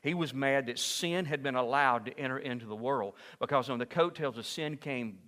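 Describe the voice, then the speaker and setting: A forceful, bright-voiced pastor preaching. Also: male voice, mid-range voice, moderate pace, in a large hall. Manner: dramatic preaching that swings from hushed to loud, impassioned peaks. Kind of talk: sermon. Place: church sanctuary.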